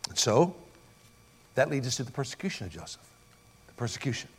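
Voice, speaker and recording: A man's voice: mid-range voice, big pitch swings, brisk, breathy edge. A male pastor preaching an expository sermon, emphatic and asking rhetorical questions.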